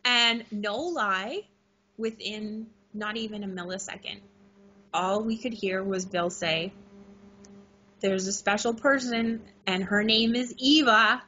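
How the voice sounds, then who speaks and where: A middle-aged woman telling an excited story in a casual interview, laughing often. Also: medium pitch, takes it slowly, a little hiss or hum. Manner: animated, laughing, gushing. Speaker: guest. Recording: muffled lo-fi recording.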